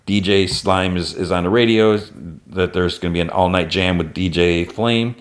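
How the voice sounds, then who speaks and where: A man's voice: deep voice, fairly even intonation, moderate pace. A man hosting a podcast, casually recapping a cartoon episode scene by scene. He uses a lot of "like" fillers and lifts his voice briefly when he quotes a character. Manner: retells plot with constant "like" fillers. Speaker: podcast host.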